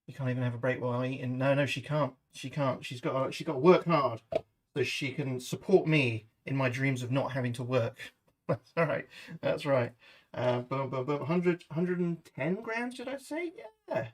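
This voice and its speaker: Mid-range and at a normal speed, this British English voice belongs to a man livestreaming from his home kitchen. He chats casually with viewers about cooking and swears freely.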